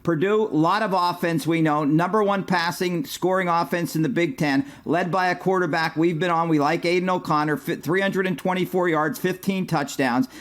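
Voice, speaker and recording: A man's voice: on the high side, moderate pace, few pauses. A middle-aged man giving sports betting analysis in conversational podcast chat, agreeable and loose. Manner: conversational, agreeable, many fillers and restarts.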